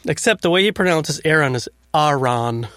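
A man's voice: fairly high pitch, lively intonation, normal speed, fairly bright tone, dry recording. A man co-hosting a podcast, chatting casually and laughing often as he talks. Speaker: podcast co-host. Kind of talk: casual chat.

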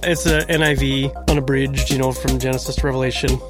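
A man's voice: mid-range voice, little pitch movement, quick pace, over music. A man co-hosting a podcast, chatting casually and laughing often as he talks. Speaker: podcast co-host. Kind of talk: casual chat.

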